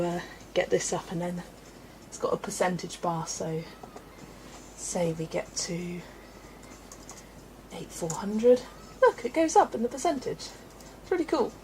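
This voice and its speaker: A woman's voice: fairly low pitch, gravelly, a little mellow, a little hiss or hum. A woman hosting a casual livestream, chatty and laughing often as she greets viewers by name, a little out of breath. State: slightly out of breath. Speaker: livestream host.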